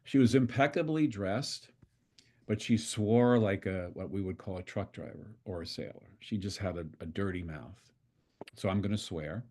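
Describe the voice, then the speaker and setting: An older man with a somewhat low voice tells a story as a facilitator. He talks in a loose, conversational way. He slips into the voices of the people in his story as he goes. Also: normal speed, a little mellow. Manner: conversational, acts out dialogue with swearing quotes. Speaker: constellation facilitator. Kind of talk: storytelling in an online talk.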